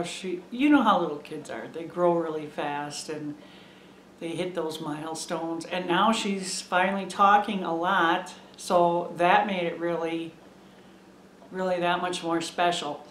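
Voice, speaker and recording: A woman's voice: lowish voice, fairly even intonation, measured pace, a little hiss or hum. A middle-aged woman chatting to camera in a meandering, gushing way from a room at home. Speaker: homesteading vlogger. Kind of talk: casual chat to camera. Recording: echoey room.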